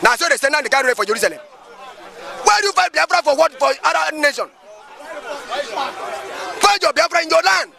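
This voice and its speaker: A man's voice: extremely high pitch, expressive, a little fast, creaky, pauses often, a crowd in the background. A male pastor with a Nigerian accent, giving emphatic, preachy street commentary outdoors and firing off rhetorical questions.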